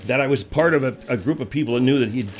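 A man's voice: medium pitch, very fast, soft background music, voice pushed down, natural voice. A man voicing a dim-witted, defensive male sidekick who sulks when scolded. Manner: sulky, defensive.

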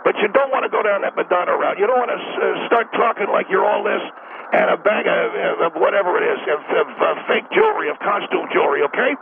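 A man's voice: sits high, very animated, quick pace, vocal fry, pitched above the performer's own voice, full character voice. A man voicing a meddling, preachy middle-aged male caller who lectures in a fussy, stammering way. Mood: lecturing. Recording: tinny phone line with noise.

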